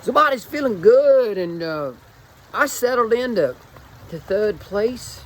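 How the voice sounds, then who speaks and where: Man, 40s, put-on Cajun accent, fitness coach, rambling chatty storytelling, slightly high voice. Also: expressive, takes it slowly, fairly bright tone, a little hiss or hum, rough recording. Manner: rambling, chatty, self-mocking. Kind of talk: casual storytelling video.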